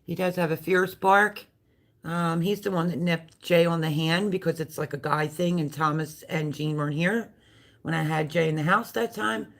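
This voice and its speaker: A middle-aged woman chats away on a casual live stream, rambling from one story to the next. Her voice sits a little low for a woman. Now and then she breaks off to coo softly at the dogs around her. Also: fairly even intonation, moderate pace, vocal fry. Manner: chatty, rambling, coos baby talk at the dogs.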